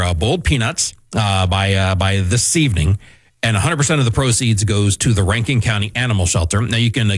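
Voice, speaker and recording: A man's voice: medium pitch, dry recording. A man hosting a morning radio segment, talking loosely with frequent fillers from a studio microphone. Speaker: radio host.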